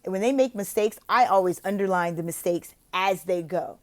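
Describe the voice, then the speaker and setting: A woman from the United States explaining how to teach online English lessons, switching between casual advice and slow, exaggerated teacher talk. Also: medium pitch, darkish tone. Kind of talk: instructional vlog with role-played teaching examples.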